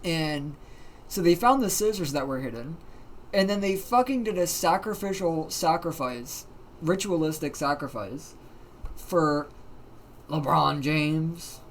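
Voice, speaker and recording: A livestreamer telling a story in casual, animated talk, swearing often and using plenty of fillers. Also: mid-range voice, a little slow, a little hiss or hum. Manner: animated, profane, many fillers.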